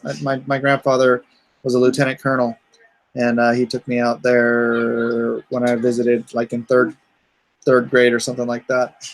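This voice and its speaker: A man's voice: medium pitch, completely flat delivery, normal speed, poor audio. A man chatting casually as a guest, joking and laughing often. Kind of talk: casual chat.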